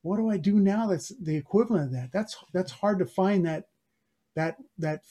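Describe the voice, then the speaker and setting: An older man and pilot, talking in a casual interview, halting with many restarts and fillers. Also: high-pitched, dark tone. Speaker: guest, airline pilot.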